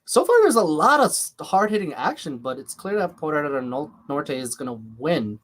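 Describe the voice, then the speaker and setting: A man's voice: on the high side, sing-song, normal speed. A man hosting a live watch-along stream with a slight lisp, chatting casually while calling the action and reading viewer comments. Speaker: livestream host.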